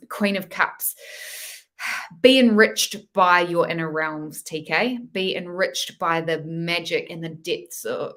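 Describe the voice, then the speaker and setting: Bright-voiced woman giving chatty tarot readings. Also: deep voice. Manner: affectionate, chatty, calls viewers "my love", ends lines with "hey?". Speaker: tarot reader hosting a live stream. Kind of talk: casual live-stream tarot reading.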